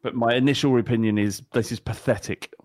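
A man's voice: mid-range voice, steady tone, a little fast, darkish tone, no room sound, clean studio sound. A man co-hosting a football podcast, ranting bluntly and heatedly with plenty of swearing. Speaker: podcast co-host. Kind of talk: casual chat.

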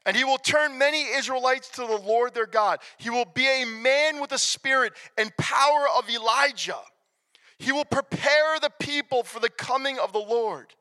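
A man preaching a sermon, emphatic, swinging from loud declarations to hushed near-whispers. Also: extremely high pitch, moderate pace. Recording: long reverb of a large hall.

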